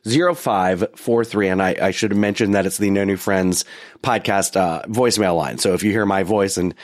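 A man co-hosts a casual podcast chat, bantering and poking fun at himself. His voice sits a bit low, and it sounds dry and close, with little room around it. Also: normal speed, dry recording. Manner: joking, self-deprecating banter with many restarts. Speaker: podcast co-host.

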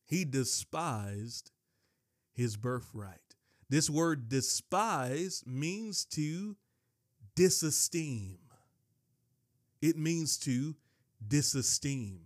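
Slow, emphatic male preacher. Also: a little high, expressive, no room sound, studio quality. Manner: emphatic, repeats key phrases, reads scripture aloud. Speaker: pastor. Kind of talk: sermon.

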